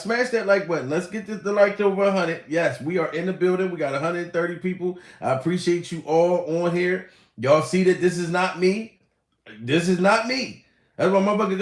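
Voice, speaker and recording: Comic streamer host, a man with a high voice, profane, chatty and laughing, recorded in an echoey room. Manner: profane, laughing, talks straight to chat. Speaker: comedian host of a live stream. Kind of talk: live stream commentary. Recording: roomy echo.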